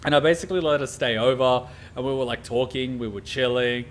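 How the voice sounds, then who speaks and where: A man's voice: medium pitch, brisk, slight background noise. An Australian man streaming a game reaction, telling a rambling casual anecdote full of fillers and laughter.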